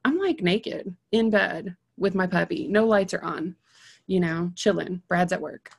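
Brief: chatty woman storyteller, low and gravelly, peppers everything with "like". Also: measured pace. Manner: chatty, animated, heavy use of "like". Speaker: psychologist. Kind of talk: casual storytelling.

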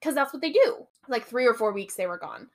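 Brisk and lively in her intonation, this young woman's slightly high voice carries a casual podcast book recap. She retells the novel's story with voiced quotes and frequent cursing.

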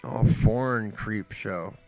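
Gravelly joking podcast co-host man. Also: on the low side, slow, faint music behind. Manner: jokey, rambling, mock voices for laughs. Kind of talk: casual chat.

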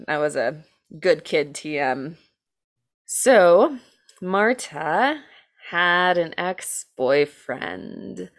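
A young woman with a somewhat low voice tells a true crime story on a podcast. She talks casually and chattily, with lots of "like" and the odd laugh. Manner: chatty, many "like"s, laughs often. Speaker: podcast co-host telling a true crime case.

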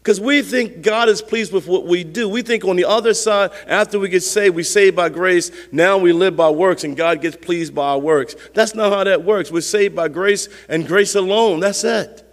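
A man preaches in a church sanctuary, his fairly high voice carrying a long reverb around the hall. He talks the sermon through conversationally, asking rhetorical questions and repeating key phrases for emphasis. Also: moderate pace, hardly any pauses. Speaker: pastor.

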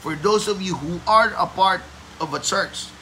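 A man with a Filipino accent giving a devotional prayer message as a pastor, slow and emphatic, letting his phrases trail off softly. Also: high voice, slight background noise, rough recording. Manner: switches between English and Tagalog, slow and emphatic.

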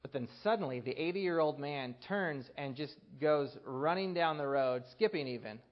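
A man preaching a sermon, earnest, building to emphatic peaks and dropping to a hushed voice to tell a story. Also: on the high side, lively intonation, moderate pace, dull audio.

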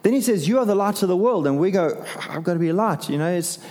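A middle-aged male pastor preaching in an easygoing, conversational way, with animated turns and wry asides. His voice is mellow and sits a little high. The sound rings with a long hall reverb. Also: quick pace. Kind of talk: sermon.

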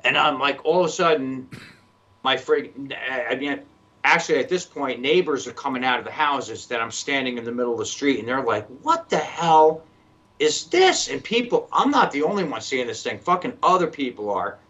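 A man tells a story in a cursing, animated way and jumps into other people's voices as he goes. The sound is dull and lo-fi. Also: medium pitch, brisk. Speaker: podcast guest. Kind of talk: casual storytelling.

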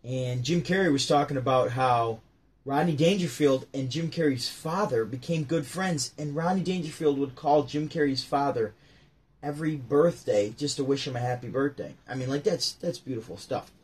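A man hosting a daily show, chatting casually and telling stories in a rambling, animated way with many restarts. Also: mid-range voice, normal speed, breathy edge. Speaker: host. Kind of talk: casual chat.

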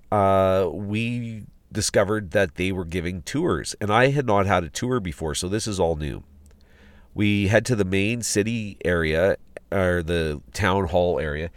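Deep-voiced man recounting a trip. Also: dry recording. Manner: rambling, with restarts and fillers. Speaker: podcast host. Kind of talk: casual spoken travel log. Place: outdoors at a ghost town site.

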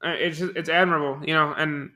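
A young man interviewing a guest, asking questions in a hesitant, halting way with many fillers. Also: on the high side, fairly even intonation, pushed and bright. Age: young adult.

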